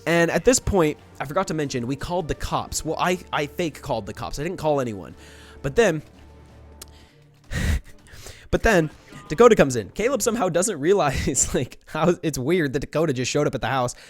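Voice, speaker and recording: A young man in a storytime vlog, retelling a prank in a rambling, animated way with many restarts. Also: fairly high pitch, moderate pace, faint music behind. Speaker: vlogger.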